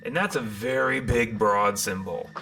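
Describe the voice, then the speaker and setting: A man hosting a live-streamed tarot reading, theatrical and rambling, with loud bursts, muttered asides and many restarts. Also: on the low side, a little slow, faint music behind. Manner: rambling with frequent restarts and fillers.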